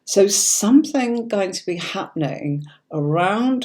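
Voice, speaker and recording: A middle-aged woman with a neutral standard British accent hosts a live tarot reading. Her voice sits low and mellow. She chats warmly and reassures, checking in with "okay?" as she goes. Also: animated, unhurried. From Yorkshire, England. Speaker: tarot reader and livestream host.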